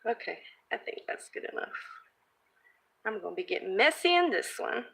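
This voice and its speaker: A woman's voice: on the high side, very animated, moderate pace, gravelly, fairly bright tone, slightly rough. A woman crafting vlogger chatting casually as she works and thinks aloud, reading viewer comments. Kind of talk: casual live-stream crafting chat.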